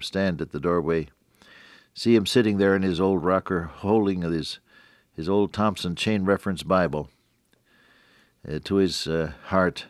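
An older man's deep, low voice carries a radio devotional sermon, preached earnestly, with scripture quoted in old-fashioned language and key phrases lifted. The sound is dry and close-up, with no room sound and no echo.

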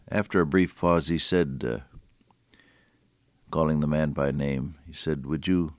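Man preaching, very deep voice, earnest, stresses key words, dry close sound. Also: no echo. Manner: earnest, rising and falling emphasis, slowing on key words. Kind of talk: sermon.

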